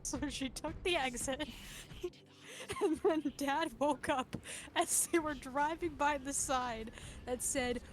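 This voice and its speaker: A woman's voice: sits high, takes it slowly. A woman on a gaming stream telling a family story casually, acting out the quotes with energy. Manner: animated storyteller who acts out quotes. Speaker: guest chatting on a gaming stream.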